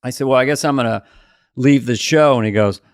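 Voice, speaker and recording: A man's voice: mid-range voice, fairly quick, no room sound, clean studio sound. A middle-aged man co-hosting a podcast, telling stories in casual chat and imitating the voices of the people he quotes. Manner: animated storyteller who mimics the people he quotes. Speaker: podcast co-host.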